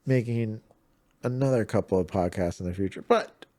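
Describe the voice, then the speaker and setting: A man's voice: fairly low pitch, normal speed, a little mellow. A man hosting a podcast in casual chat, easygoing and laughing often. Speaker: podcast host.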